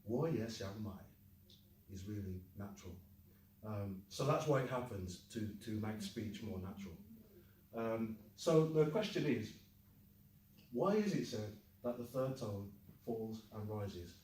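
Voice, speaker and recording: A man's voice: on the low side, animated, unhurried, a little mellow, a little hiss or hum. A man teaching a Chinese class, who leads drills and jokes with his students. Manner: upbeat, jokey, leads the class in chants and repetition. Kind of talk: classroom lesson with call-and-repeat drills. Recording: roomy classroom audio from a distant mic.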